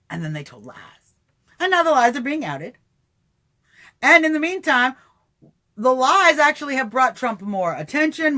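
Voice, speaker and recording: A woman giving an animated political commentary on a livestream, mocking opponents, acting out voices and laughing at her own jokes. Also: sits high.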